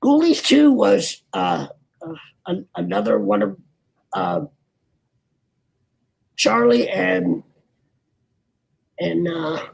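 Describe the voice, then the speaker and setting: An older man, an actor guest, chatting in an interview over a video call with a gravelly voice, rambling and restarting his sentences. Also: high-pitched, very animated, low-quality recording. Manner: rambling, halting, many restarts. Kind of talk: casual interview chat.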